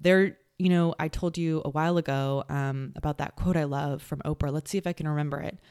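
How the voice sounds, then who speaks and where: A woman talks through a casual solo podcast episode in a slightly low voice. She is blunt and swears freely, and she slips into mocking sing-song impressions. The recording is dry and close, with no room sound. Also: fairly even intonation, brisk, a little mellow, clean tone, no room sound. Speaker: podcast host.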